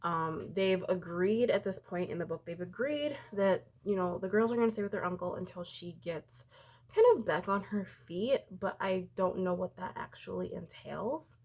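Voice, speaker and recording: A woman and parent talking casually in a book vlog, rambling with lots of "like" and restarts. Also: mid-range voice. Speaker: book vlogger. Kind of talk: casual book review chat.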